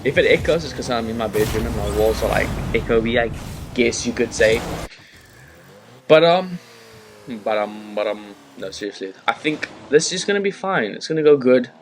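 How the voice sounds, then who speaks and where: A man casually commentating a game from his bedroom, rambling and chatty with bursts of excitement, on a laptop mic. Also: medium pitch, moderate pace, slight background noise. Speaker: gaming commentator and host. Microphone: laptop built-in mic.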